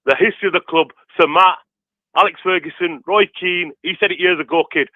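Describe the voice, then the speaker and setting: Fired-up yorkshire bloke in his 50s ranting down a tinny phone line, dry sound, pitched a bit high. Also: brisk, no echo. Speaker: caller. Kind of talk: passionate phone-in rant.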